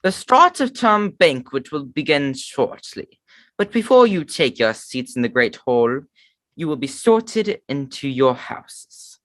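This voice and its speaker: Casting: man playing strict older witch headmistress type, slow and measured, fake british accent. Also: a little high, big pitch swings, fairly bright tone, no echo, heavily acted. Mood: formal.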